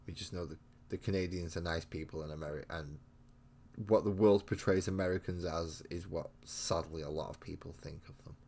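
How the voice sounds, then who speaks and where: Deep-voiced, foul-mouthed English man streaming. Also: fairly even intonation, a little fast, creaky, darkish tone, slight background noise. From England. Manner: swears constantly, blunt and mocking, rambling banter. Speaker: streamer painting miniatures. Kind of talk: casual live-stream chat with viewers. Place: home hobby room.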